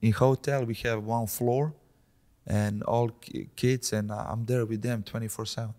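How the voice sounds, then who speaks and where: A man with a Slovenian accent, a podcast guest chatting casually with frequent restarts. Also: medium pitch. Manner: relaxed, halting speech with many restarts.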